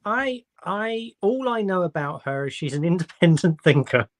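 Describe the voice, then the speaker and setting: A man's voice: high-pitched, big pitch swings, moderate pace, background noise. Guy guesting on a live chat, dry wry jokes, easygoing voice. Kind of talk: casual live-stream chat.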